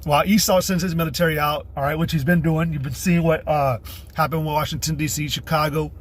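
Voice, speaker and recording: Husky-voiced man preaching on a livestream. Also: a little high, steady tone, fast talker. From United States. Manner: profane, blunt ranting that alternates with reading scripture aloud. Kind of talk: casual livestream preaching with scripture reading. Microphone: streaming setup.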